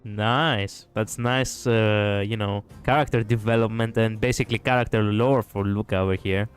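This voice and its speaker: A male vtuber commentating a game, excitable and shouting at the screen. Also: fairly low pitch, moderate pace, soft background music. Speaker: vtuber streamer. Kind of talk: gaming commentary.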